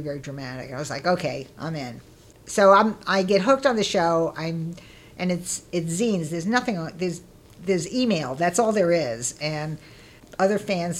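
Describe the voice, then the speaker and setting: A middle-aged woman being interviewed, telling stories in a casual, lively way and acting out what people said with bursts of laughter. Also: low voice, a little hiss or hum. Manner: lively, acts out quoted voices with laughter. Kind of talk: casual storytelling.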